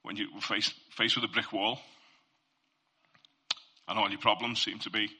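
Earnest man with a sharp, bright voice. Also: fairly low pitch, little pitch movement, moderate pace, husky. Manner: earnest, conversational, addresses listeners directly. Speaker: Christian speaker sharing testimony. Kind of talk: informal faith talk.

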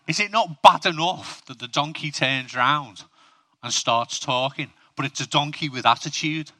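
A man's voice: medium pitch, pushed and bright. A man preaching a humorous sermon, chatting with his audience and asking them questions.

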